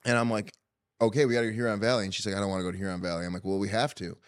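A man in his thirties from telling a story on a podcast, animated, swearing and acting out what others said. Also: fairly low pitch, rapid-fire, no room sound, studio quality. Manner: animated, acts out quoted voices, swears. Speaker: podcast co-host. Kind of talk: casual storytelling chat.

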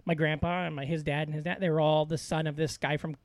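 A man's voice: fairly high pitch, level tone, fast talker, dry recording. An American man, a comedian guest on a podcast, telling loose, joking stories in casual chat.

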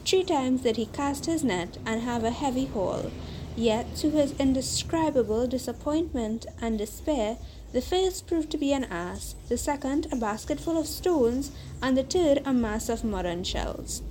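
A woman hosting a podcast, reading a fairytale aloud in a measured, unhurried storybook manner. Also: high-pitched, expressive, darkish tone, slight background noise, rough recording.

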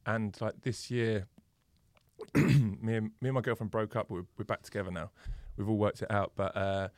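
A man's voice: fairly low pitch, normal speed, no room sound. Young man, dry close mic. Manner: animated storyteller, swears freely, acts out the people in his stories. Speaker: podcast guest. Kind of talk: casual podcast chat.

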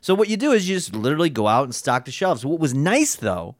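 A man's voice: fairly high pitch, very animated, quick pace, no echo, studio quality. A young man co-hosting a casual podcast chat, rambling and swearing freely about old jobs. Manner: rambling, swears often, self-deprecating. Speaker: podcast co-host.

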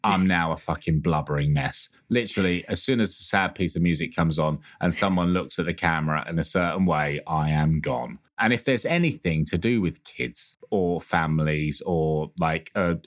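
Low-voiced man chatting. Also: moderate pace, few pauses. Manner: candid, jokey, swears casually. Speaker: podcast co-host. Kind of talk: casual chat.

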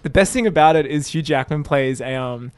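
A man's voice: on the high side, a little fast, clear, resonant tone. A man co-hosting a podcast, chatting casually and jokily about movies with a rambling, riffing delivery. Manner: rambling, jokey, riffs on film trivia. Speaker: podcast co-host.

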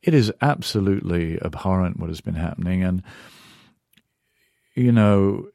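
A man's voice: deep voice, moderate pace, vocal fry, mellow, dry recording, clean studio sound. A middle-aged Englishman, an author and journalist answering interview questions in a thoughtful way, searching for words and turning emphatic when moved. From England.

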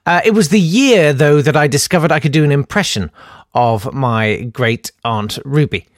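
A man's voice: on the high side, moderate pace, dry recording, clean studio sound. A young man rambling through comic anecdotes, often interrupting himself and laughing at his own stories. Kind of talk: anecdotal storytelling.

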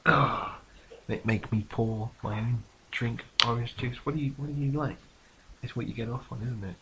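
A man's voice: mid-range voice, fairly even intonation, normal speed, heavy background noise. A man co-hosting a casual podcast chat, teasing his friend and often repeating words as he goes. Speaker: podcast co-host.

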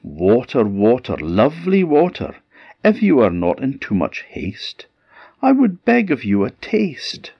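A man's voice: mid-range voice, wildly swooping pitch, unhurried, breathy edge, dry recording, highs cut off, voice pushed up, full character voice. A man with an Orkney Scottish accent voicing a brave, polite young girl reciting a coaxing rhyme.

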